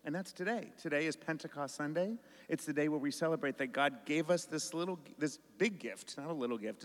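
A man leading a children's message as pastor, asking gentle questions. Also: on the high side. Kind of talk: children's sermon. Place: church sanctuary. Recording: long reverb of a church hall.

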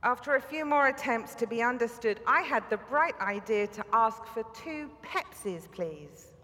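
British woman preacher, warm storytelling with dry wit, slightly high pitch, hall reverb. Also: lively intonation, unhurried. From Britain. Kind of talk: sermon.

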